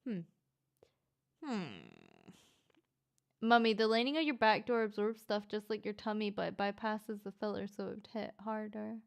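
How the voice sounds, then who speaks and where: A Scottish woman chatting casually on a live stream as she reads chat, playful and quick to laugh, with the odd swear word. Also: medium pitch, steady tone, gravelly. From Scotland. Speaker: VTuber streamer reading chat.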